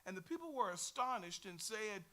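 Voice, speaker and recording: A man's voice: sits high, sing-song, moderate pace, pushed and bright. A middle-aged man with a Texan accent teaching a Sunday Bible class in a folksy, earnest way, teasing his class now and then.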